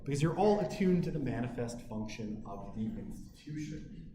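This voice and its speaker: A man's voice: medium pitch, very animated, moderate pace, warm tone, a little hiss or hum. Man lecturing casually in echoey room. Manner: conversational, frequent "right?" and "you know" tags. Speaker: university lecturer. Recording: echoey room with faint ambience.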